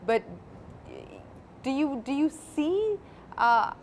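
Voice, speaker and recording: A woman's voice: high-pitched, animated, slow pace, slight background noise. A woman interviewing a guest, asking follow-up questions and often affirming with short responses. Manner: attentive, frequent short affirmations.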